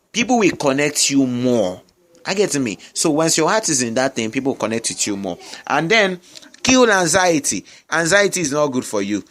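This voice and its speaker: Brief: male public speaking coach, mid-pitched voice, repeats himself for emphasis, webinar talk. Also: a bit bright. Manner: emphatic, repeats key phrases, frequent "I get me?" check-ins. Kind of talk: webinar teaching. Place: noisy surroundings with distractions.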